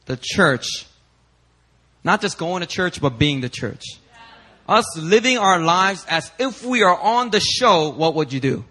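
Bright-voiced animated male pastor. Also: a little high, poor audio. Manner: animated, acts out quoted people in raised voices. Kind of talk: sermon.

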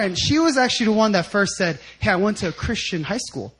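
A young man preaching a sermon, telling a personal story in a lively, animated way and often laughing as he talks. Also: sits high, fast talker, slightly rough. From United States. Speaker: pastor.

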